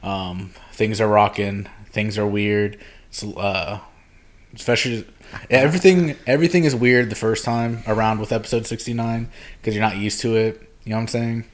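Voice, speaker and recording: A man's voice: fairly low pitch, steady tone, moderate pace. A man hosting a podcast in casual chat, rambling and loose with lots of ums and restarts. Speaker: podcast host. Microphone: podcast microphone.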